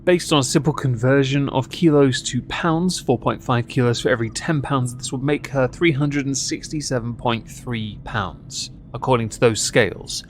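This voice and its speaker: A man's voice: mid-range voice, normal speed, hardly any pauses, over music. A man narrating a commentary video, dry and mocking in tone. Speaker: commentary host.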